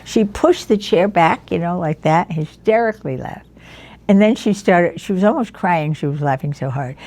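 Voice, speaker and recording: A woman in her nineties telling the story of her life in an interview, lively and anecdotal, often chuckling as she recalls people. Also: on the low side, normal speed. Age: 90s. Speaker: interviewee, veteran educator.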